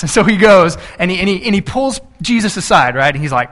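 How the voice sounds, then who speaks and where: A high-voiced man preaching, who drops into lower, hushed voices to act out the disciples. He laughs often, slows right down to stress a point and rushes through his asides. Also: lively intonation. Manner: slows down for emphasis, speeds up in asides. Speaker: pastor. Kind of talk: sermon with dramatized retelling.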